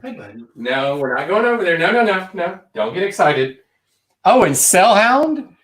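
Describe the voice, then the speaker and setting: A man's voice: high-pitched, very animated, moderate pace, fairly bright tone. A man co-hosting a casual live stream, chatty and rambling. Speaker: co-host of a reseller live show.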